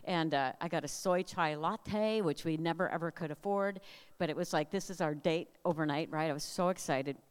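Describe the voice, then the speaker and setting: An older woman from Minnesota giving a humorous storytelling talk at a family camp, lively and animated. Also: low-pitched, moderate pace, clear, resonant tone. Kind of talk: storytelling sermon. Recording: long hall reverb.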